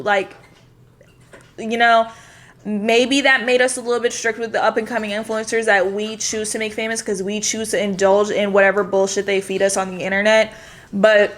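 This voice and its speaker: A woman's voice: mid-range voice, fairly bright tone. A young adult woman giving a casual commentary rant, blunt and sarcastic, swearing freely. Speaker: commentary vlogger.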